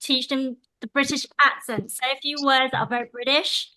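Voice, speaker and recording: A woman hosts the class and puts eager, direct questions to her guest. Her voice is high and bright, with a sharp edge, and it is recorded dry and close. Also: steady tone, normal speed, no echo, low-quality recording. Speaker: class host.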